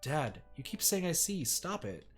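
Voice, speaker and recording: A man reading a game script aloud, voicing a frank nineteen-year-old woman who gently teases her father. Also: on the high side, very animated, unhurried, faint music behind, pitched above the performer's own voice. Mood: earnest.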